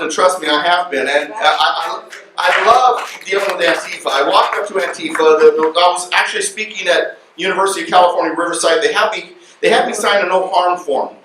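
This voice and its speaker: A man speaking to an audience at a luncheon, animated and joking as he lectures. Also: sits high, brisk. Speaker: guest speaker. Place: luncheon event room. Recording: echoey room from far off, faint noise.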